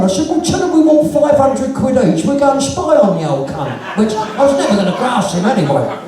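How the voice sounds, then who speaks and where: A man with a London accent telling earthy, swear-filled stories on stage, acting out the dialogue himself. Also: sits high. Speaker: punk musician guest. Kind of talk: live on-stage storytelling chat. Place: live music venue with audience. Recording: echoey venue from far off.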